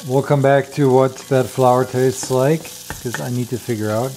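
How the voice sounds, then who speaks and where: A man's voice: medium pitch, fairly even intonation, moderate pace, background noise. A man with a German accent, chatting casually while tasting and cooking wild plants in his home kitchen. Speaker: homestead vlogger.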